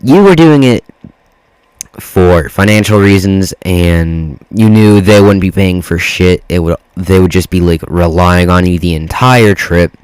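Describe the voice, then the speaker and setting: A man's voice: deep voice, fairly even intonation, a little slow, few pauses, smooth, no room sound, low-quality recording. A man reading Reddit posts aloud in a casual way, stopping to swear and react to the text. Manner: swears freely, reacts to typos mid-read. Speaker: reddit story reader.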